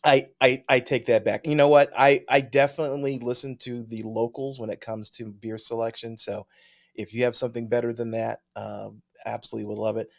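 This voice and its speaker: A male podcast co-host goes through listener mail in a chatty, casual way, speaking a little fast with vocal fry. His pitch is medium and his tone level, and he laughs a lot and drifts off mid-sentence.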